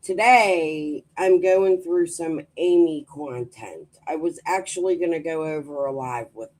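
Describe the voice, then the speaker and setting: A woman's voice: deep voice, unhurried, darkish tone. A woman hosting a livestream, talking bluntly and with swearing as she introduces a recorded conversation. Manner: blunt and profane. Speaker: streamer host. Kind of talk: casual livestream commentary.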